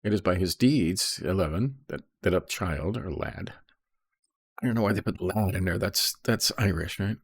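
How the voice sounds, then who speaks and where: Husky deep-voiced man explaining scripture. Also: normal speed, dry recording, clean studio sound. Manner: reads verses then explains, peppered with "okay?" and "right?". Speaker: Bible study teacher. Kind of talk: casual Bible commentary.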